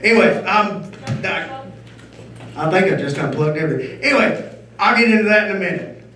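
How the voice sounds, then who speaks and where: Stand-up comic, middle-aged man, high and lively delivery with shouted punchlines; far-off stage mic in a very echoey room. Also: a little fast. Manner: loud, animated, punchy jokes with shouted bursts. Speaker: stand-up comedian. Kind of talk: stand-up comedy set. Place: comedy venue stage before a live audience.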